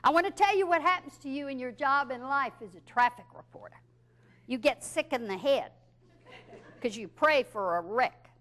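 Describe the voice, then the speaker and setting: A woman telling a funny story in a lively, chatty way, often laughing as she goes. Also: sits high, normal speed. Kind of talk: comic storytelling.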